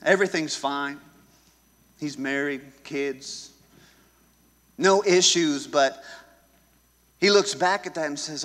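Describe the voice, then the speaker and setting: Pastor, male, high and bright, punchy storytelling sermon in a reverberant sanctuary. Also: slow pace, long pauses. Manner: emphatic storytelling preacher. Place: church sanctuary. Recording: echoey church hall.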